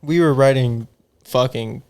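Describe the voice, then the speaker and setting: A man's voice: mid-range voice, measured pace, darkish tone. Young man telling profane party stories. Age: young adult. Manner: rambling, profane, laughing storyteller. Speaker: podcast guest. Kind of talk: casual storytelling.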